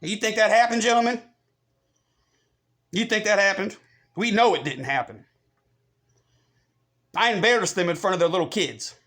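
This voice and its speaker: Man, high voice, angry vlog rant, swearing, heated. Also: normal speed, long pauses, fairly bright tone. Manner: heated, profane, repetitive. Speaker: vlogger.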